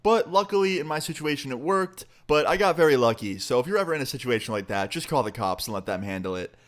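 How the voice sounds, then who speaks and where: Young man telling a profane storytime. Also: quick pace. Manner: profane, animated, quotes people with pitch jumps. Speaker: storytime vlogger. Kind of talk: casual storytelling.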